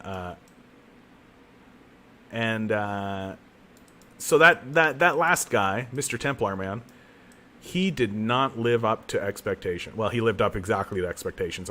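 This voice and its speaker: A man from Canada streaming a video game on a new home mic setup, chatting casually in a rambling, self-mocking way with bursts of excitement. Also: on the low side, slight background noise. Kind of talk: casual gaming commentary. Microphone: new desk mic.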